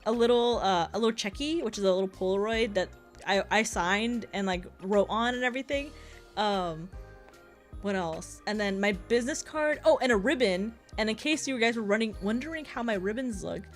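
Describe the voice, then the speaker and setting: A young woman streaming casually as a VTuber, talking fast and rambling with frequent giggles and lots of fillers. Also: medium pitch, soft background music.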